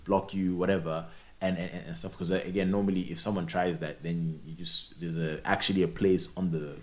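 A young man, chatting casually and telling animated stories with frequent laughs and restarts. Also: low-pitched, brisk. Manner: animated storyteller, laughs often, many restarts. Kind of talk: casual chat.

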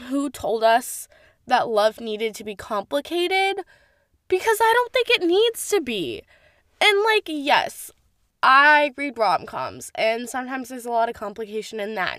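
A woman's voice: a little high, dry recording, clean studio sound. A young woman reviewing a series in a casual, gushing way, full of "like" and the odd swear word. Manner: gushing, animated, heavy use of "like", swears casually. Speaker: show reviewer.

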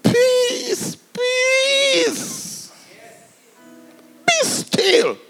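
Man plays a gentle fatherly divine voice, quiet and lilting, calms a frightened child. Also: extremely high pitch, normal speed, creaky, soft background music, voice pushed up, exaggerated voice. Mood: soothing. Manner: soft, soothing, cooing. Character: tender, hushing divine father figure, male.

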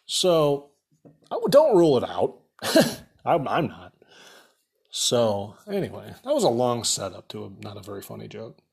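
A man's voice: mid-range voice, wildly swooping pitch, a little slow, creaky, darkish tone, slightly rough. A young man host telling rambling stories in a casual podcast chat, saying "like" a lot and laughing at his own jokes. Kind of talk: casual storytelling rant.

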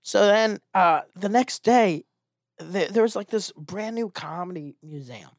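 A man's voice: sits high, measured pace, no room sound, studio quality. Man telling a comic road story. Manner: animated, acts out quoted voices. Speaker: stand-up comedian guest. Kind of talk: casual storytelling.

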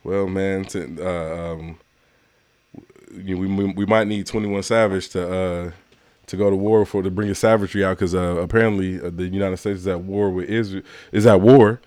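A man's voice: deep voice, fairly even intonation, moderate pace, a little mellow, no echo. A man co-hosting a podcast in casual, joking chat, swearing freely. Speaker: podcast co-host.

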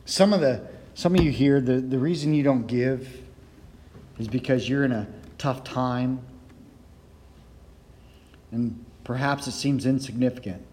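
A man preaching a sermon from the pulpit, excitable and storytelling, his words sometimes running together when he gets fired up. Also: mid-range voice, unhurried, long pauses, a little hiss or hum. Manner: storytelling with playful voiced quotes. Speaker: pastor. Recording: long hall reverb.

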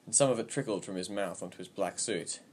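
A man with a fairly low voice reads a story aloud in a steady, even manner. His narration stays calm and measured from line to line, and he keeps the telling plain and clear. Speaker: audiobook narrator. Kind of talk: scripted narration.

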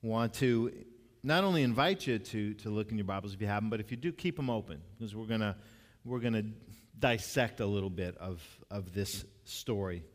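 A man's voice: fairly low pitch, moderate pace. A man preaching a sermon as pastor, reading scripture and speaking in a conversational way with many restarts. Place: church sanctuary. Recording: church hall reverb.

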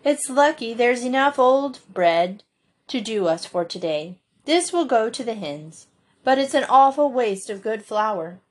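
This is a bossy young girl from a storybook, brisk and scolding as she takes charge of the baking, voiced by a woman reading aloud. She speaks quickly and with a slightly raised voice. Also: fairly high pitch, expressive. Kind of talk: audiobook reading.

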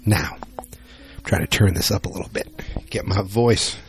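A man's voice: on the low side, lively intonation, normal speed. A man chatting casually and rambling on his own about upcoming wrestling matches, joking and poking fun at himself. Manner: rambling, joking, self-deprecating. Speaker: solo wrestling vlogger.

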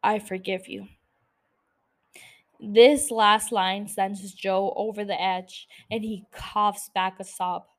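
A woman hosts a podcast and recaps an episode in casual, blunt talk full of swearing. She gushes openly about what she liked. Her voice sits at a middle pitch for a woman. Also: fairly even intonation, slow pace, few pauses. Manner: blunt and gushing, swears freely. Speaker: podcast host.

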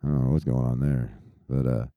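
A man's voice: a bass voice, steady tone, brisk, dry recording, phone-quality sound. A man in his thirties who grew up in Texas, ranting casually in a rambling, profane stream. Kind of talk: casual rant.

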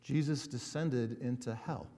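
A man preaching a sermon as a pastor, earnest and building emphasis with slow repeated words. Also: mid-range voice, warm tone. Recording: hall reverb.

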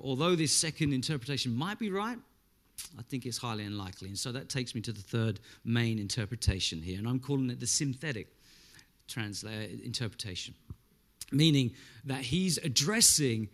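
A man in his thirties preaching a sermon, emphatic and conversational, with frequent restarts and rhetorical asides to the congregation. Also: medium pitch. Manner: emphatic, rising to loud stresses. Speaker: pastor.

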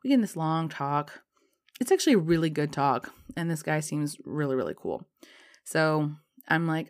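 A woman telling a personal story in casual chat, full of "um" and "you know," and acting out the dialogue in a lively way. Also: low voice, moderate pace. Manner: chatty, lots of fillers like "um" and "you know".

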